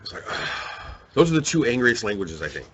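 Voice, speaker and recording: A man's voice: medium pitch, brisk, slight background noise. A man co-hosting a casual webcast chat, joking and laughing a lot. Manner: joking, laughs often, animated. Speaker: co-host.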